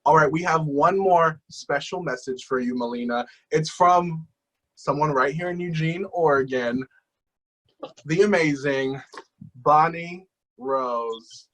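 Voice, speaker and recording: Upbeat higher-voiced drag interviewer. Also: male voice, measured pace, a bit bright, poor audio. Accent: American. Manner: upbeat, reading out fan messages. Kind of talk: casual interview chat.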